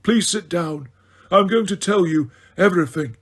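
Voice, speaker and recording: A man voicing a wise, weary old male headmaster wizard in an audiobook, speaking in a measured, gentle, grave way. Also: high-pitched, voice pushed up. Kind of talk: audiobook character reading.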